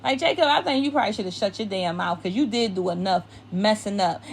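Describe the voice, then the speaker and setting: A woman's voice: medium pitch, fairly quick, few pauses, slightly rough. A woman hosting a casual TV episode recap, talking in an opinionated way and repeating phrases for emphasis.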